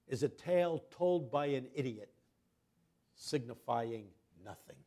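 An older man giving a sermon as a guest preacher, telling a story dramatically, dropping to a hush and then rising loud as he acts out the people in it. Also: fairly high pitch. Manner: dramatic storyteller, swings from hushed to loud, acts out quoted voices.

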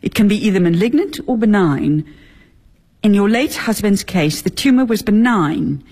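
A bitter sharp-tongued wife. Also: female voice, mid-range voice, animated, normal speed, husky. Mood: bitter, grieving. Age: middle-aged. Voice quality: cutting, sarcastic. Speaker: wife and mother. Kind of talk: radio drama acting.

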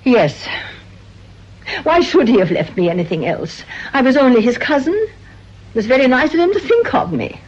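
An actress playing a gentle, self-effacing woman in a vintage radio drama, speaking softly and apologetically. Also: high-pitched, very animated, moderate pace, long pauses, husky, heavily acted. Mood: resigned. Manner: soft, apologetic, resigned. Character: meek, self-effacing spinster, gentle and resigned. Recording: dull lo-fi old radio recording.

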